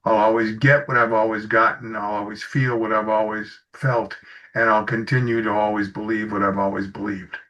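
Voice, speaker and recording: Fairly low in pitch and fairly bright in tone, he speaks at a moderate pace with a flat delivery. He's an executive coach in an interview, relaxed and chatty, recounting anecdotes and performing bits of dialogue. The recording sounds a little muffled.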